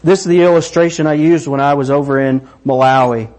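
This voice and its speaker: A middle-aged man preaching a sermon, animated and excited, acting out voices. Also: fairly high pitch, a little fast. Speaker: pastor.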